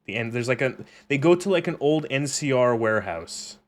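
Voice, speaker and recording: A man's voice: medium pitch, expressive, fairly quick. A young man on a gaming stream, rambling sarcastically with lots of swearing and laughter. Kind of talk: casual gaming stream commentary.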